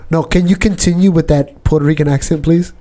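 A man's voice: fairly high pitch, steady tone, a little fast, warm tone. A man hosting a casual podcast, playful and curious, laughing as he tests an AI assistant. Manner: playful, testing, laughs often. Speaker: podcast host.

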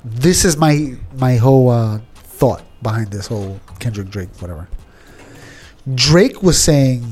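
A man's voice: mid-range voice, lively intonation, takes it slowly, a little mellow, slightly rough. A man in casual podcast chat, rambling with many restarts and fillers, calling people "bro". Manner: calls listener "bro".

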